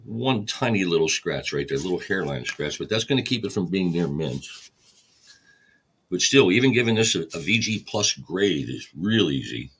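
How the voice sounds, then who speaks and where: Husky man cataloging records on a livestream. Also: deep voice, normal speed. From United States. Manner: relaxed, explains each step while working. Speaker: record store livestream host. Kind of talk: casual livestream narration.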